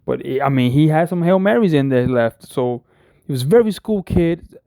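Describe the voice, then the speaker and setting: A man's voice: fairly high pitch, expressive, normal speed, creaky, warm tone, no room sound, clean studio sound. A man hosting a boxing talk show, giving casual, rambling commentary full of fillers and restarts.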